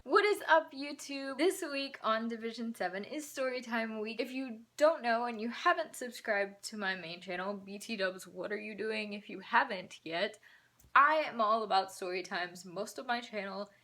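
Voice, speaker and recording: Young female vlogger, slightly high voice, lively sarcastic storyteller, a little winded. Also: faint music behind. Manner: animated, sarcastic storytelling with quick asides. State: out of breath. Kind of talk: casual storytime vlog.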